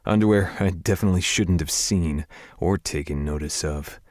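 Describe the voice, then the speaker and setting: Deep-voiced man narrating a romance audiobook. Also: moderate pace, a little mellow, dry recording, clean studio sound. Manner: wry, confiding inner monologue.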